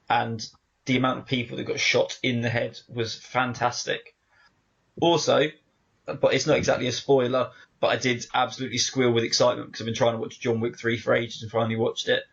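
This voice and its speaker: Excitable man on a casual podcast. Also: medium pitch, fairly quick, vocal fry, slightly rough, highs cut off. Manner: excitable, enthusiastic film fan. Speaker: podcast co-host. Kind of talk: casual chat.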